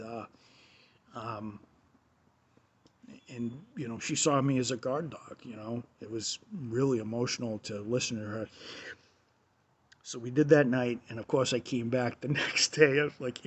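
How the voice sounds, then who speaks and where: A man hosting his own show, telling a personal story in a rambling, casual monologue with many restarts, recorded on his phone. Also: medium pitch. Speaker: show host.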